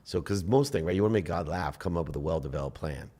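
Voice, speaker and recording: Deep-voiced middle-aged man, animated guest. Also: quick pace, husky. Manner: animated, acts out his inner voice with swearing. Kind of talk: casual interview talk.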